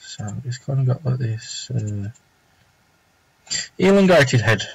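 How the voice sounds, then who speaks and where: A man talks on a home live stream, rambling and thinking aloud as he sketches. His voice sits at an ordinary middle pitch, and he muses to himself between loose remarks to viewers. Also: lively intonation, takes it slowly, vocal fry, slightly rough, low-quality recording. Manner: rambling, thinking aloud with fillers and self-talk. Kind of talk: casual live-stream chat while drawing.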